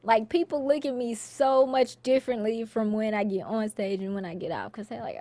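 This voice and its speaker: A woman's voice: fairly high pitch, normal speed, few pauses, warm tone, no echo. Woman, comedian guest, laid-back storyteller, dry close sound. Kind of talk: casual interview chat.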